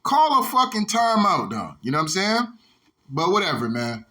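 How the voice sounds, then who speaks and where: Fired-up high-voiced man ranting about football. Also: big pitch swings, normal speed, pushed and bright. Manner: heated, repetitive, profane, keeps saying "dog". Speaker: sports vlogger. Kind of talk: ranting sports commentary.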